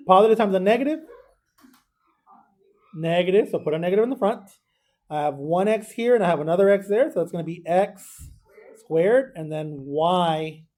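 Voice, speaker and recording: A man's voice: a little high, dark tone. A man teaching a math class, talking through arithmetic step by step and checking in with students. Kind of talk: classroom lesson.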